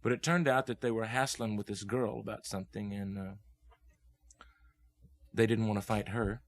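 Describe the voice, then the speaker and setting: A man's voice: on the low side, steady tone, moderate pace. A young man from Oklahoma, a guest musician, telling stories in laid-back hip slang and laughing often as he acts out the people in them. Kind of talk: casual storytelling.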